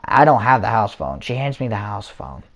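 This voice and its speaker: A young man rambles through a story in a casual vlog, stumbling over restarts and fillers. His voice sits a little low, like a headset chat. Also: big pitch swings, normal speed, creaky. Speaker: vlogger. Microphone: console or headset mic.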